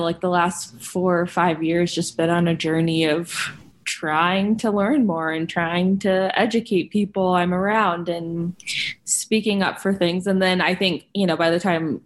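A young woman who is a guest on a podcast, talking casually and reflectively, with many fillers. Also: lowish voice. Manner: reflective, lots of fillers, acts out quoted reactions. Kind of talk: casual conversation.

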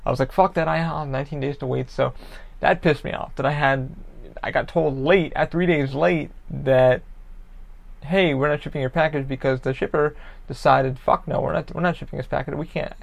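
Gravelly-voiced man ranting casually. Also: on the high side, steady tone, normal speed, dull audio. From Orlando, Florida area. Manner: profane, rambling, frustrated. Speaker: podcast host. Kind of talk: casual solo rambling.

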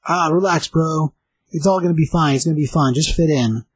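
Guy doing a cocky high school jock, bro this bro that, kinda husky. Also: brisk, no room sound. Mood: breezy. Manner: brash bro-talk. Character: cocky teenage male football jock.

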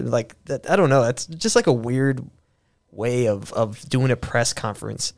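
A man in a middle register hosting a casual podcast. He rambles, restarts his sentences and swears freely. His voice sits at an ordinary mid pitch throughout. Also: lively intonation, measured pace, creaky, darkish tone. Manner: rambling, many restarts and fillers, profane. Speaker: podcast host. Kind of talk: casual conversational commentary.

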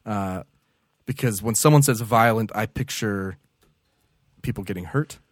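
A man's voice: fairly low pitch, a little slow, no echo, clean studio sound. A man hosting a podcast, chatting casually and joking as he explains the news. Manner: jokey, explains the news plainly. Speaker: podcast host.

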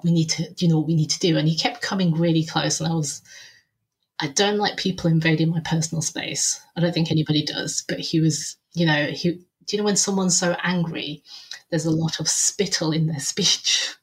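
A woman, a podcast guest telling a personal story in conversation. She retells it lively, acting out what people said and often filling pauses with "um". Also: low-pitched. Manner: lively retelling, acting out quoted dialogue, frequent "um" and "I was like".

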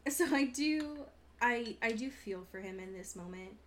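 A woman's voice: a little high, expressive, a little slow, a crowd in the background. A young woman co-hosting a podcast, recapping a show in a casual, thoughtful way with many fillers. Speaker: podcast co-host.

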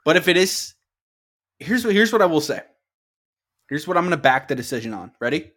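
Profane excitable young man talking wrestling. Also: fairly high pitch, brisk. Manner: profane, excitable, talks over his co-host. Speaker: podcast co-host. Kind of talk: casual wrestling podcast chat.

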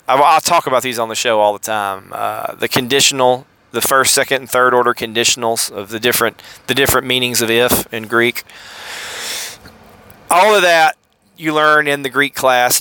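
Man, southern accent, bright tone, smooth clear voice, rambling casual explainer. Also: medium pitch, no room sound, poor audio. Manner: rambling, self-correcting, with many fillers. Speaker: podcast host. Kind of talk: casual teaching monologue.

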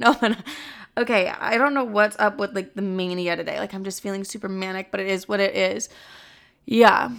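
A woman in her twenties talks straight through a casual solo podcast, with a bright, forward voice at an ordinary pitch. She is chatty and dramatic and swears freely as she rambles. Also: fairly even intonation, moderate pace, gravelly. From Chicago. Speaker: podcast host.

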